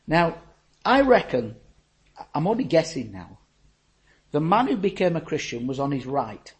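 An older man preaching a sermon in a fairly high voice. He is animated and folksy, rising to loud exclamations, then dropping to near-whispers. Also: normal speed, poor audio. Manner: animated, swings from loud to hushed. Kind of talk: sermon with personal stories.

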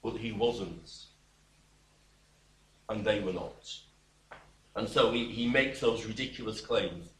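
A man's voice: fairly low pitch, slow pace, long pauses. A man preaching a sermon that explains scripture. He talks emphatically and expressively, with wry, dismissive asides. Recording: echoey room, voice heard from away from the mic.

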